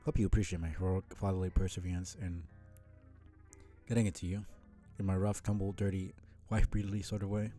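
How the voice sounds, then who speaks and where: Male reader as sardonic teen boy, rambling and cocky, low warm voice. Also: flat delivery, brisk, pauses often, faint music behind, close to an everyday voice. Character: laid-back sardonic teenage boy who rambles.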